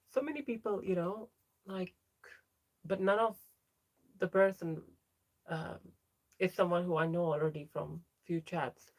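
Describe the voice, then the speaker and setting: A young trans woman talks casually on her livestream, reading out viewers' names and replying to each one. Her voice sits on the low side. She sounds close to a home streaming mic. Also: unhurried, pauses often, a little mellow. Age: young adult. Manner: chatty, reads out viewer names and answers them. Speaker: livestream host.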